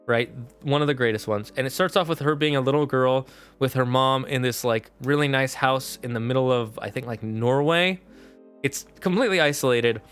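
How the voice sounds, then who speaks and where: A man's voice: medium pitch, fairly bright tone, clean tone. A man streaming live, chatting casually and animatedly with his viewers and mods. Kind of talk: casual livestream chat.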